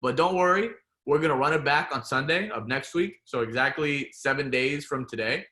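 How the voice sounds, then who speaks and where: A man co-hosting a casual live-stream chat show, jokey and quick with banter. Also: mid-range voice, bright, forceful tone. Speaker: co-host.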